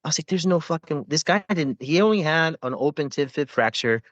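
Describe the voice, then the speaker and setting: A man's voice: fairly high pitch, lively intonation, fairly quick, fairly bright tone, no room sound. A man, a former Navy corpsman, telling rambling war stories with lots of swearing and fillers in a casual podcast interview.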